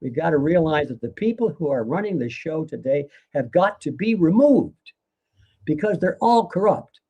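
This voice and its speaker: A man's voice: on the high side, animated, moderate pace, warm tone, slightly rough. An older man, a guest author in a live conversation, speaking earnestly and lecturing, with occasional laughs.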